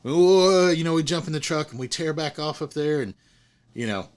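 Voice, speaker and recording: A brisk, somewhat high-pitched middle-aged man hosts a podcast. In casual conversation he tells a story energetically, putting on the voices of its characters as he quotes them.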